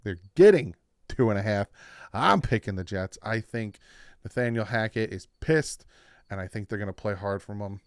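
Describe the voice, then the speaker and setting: A man giving his weekly football picks in a casual, animated talk, jumping up in pitch and volume when something surprises him. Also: normal speed, clear, resonant tone, no room sound, studio quality. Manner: animated, with sudden jumps in pitch and loudness. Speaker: sports picks YouTuber. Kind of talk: casual sports prediction talk.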